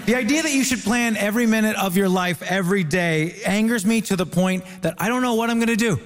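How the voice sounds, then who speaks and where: A man's voice: sits high, fast talker, in a large hall. A man from Ontario doing stand-up comedy with wry punchlines. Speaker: comedian panelist.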